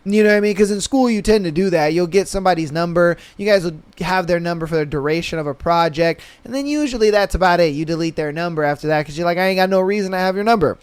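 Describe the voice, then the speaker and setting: High-voiced, slangy male podcast host. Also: fast, few pauses, smooth, dry recording. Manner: slangy, laid-back, laughs often. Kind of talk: casual solo podcast commentary.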